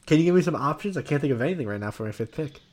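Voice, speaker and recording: Man, casual podcast banter, loud and crude, swinging pitch, trails off. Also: lively intonation, rapid-fire.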